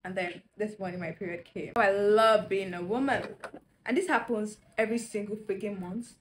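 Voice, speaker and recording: A woman's voice: medium pitch, normal speed, slight background noise. A young woman vlogging at home, chatting candidly and rambling straight to her viewers. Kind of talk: casual chatty vlog. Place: indoors at home.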